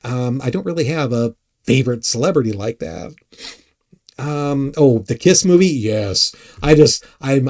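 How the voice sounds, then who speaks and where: A man casually answering chat on a live stream, rambling and halting, often self-deprecating. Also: mid-range voice, lively intonation, a little mellow, no echo, studio quality.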